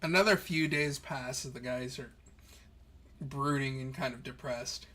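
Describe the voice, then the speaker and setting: Bright-voiced man running a tabletop game. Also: medium pitch, unhurried. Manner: laughing, chatty. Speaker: game master.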